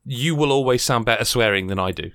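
A man hosting a casual podcast, animated and laughing, often breaking off mid-sentence. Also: mid-range voice, fast talker, no echo, studio quality. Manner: animated, laughing, self-interrupting. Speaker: podcast host.

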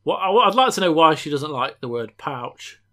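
A young English man co-hosting a podcast, excitable and chatty with frequent stammering restarts. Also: fairly high pitch, moderate pace. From England. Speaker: podcast co-host. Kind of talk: casual podcast chat.

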